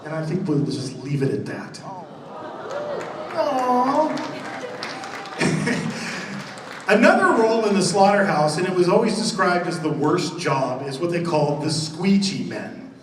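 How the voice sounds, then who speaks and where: A man's voice: fairly high pitch, very animated, moderate pace, a crowd in the background, background noise. A man giving a live stage presentation of a haunted attraction, joking as he lingers on gory details. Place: large convention hall. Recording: roomy hall recorded from far off.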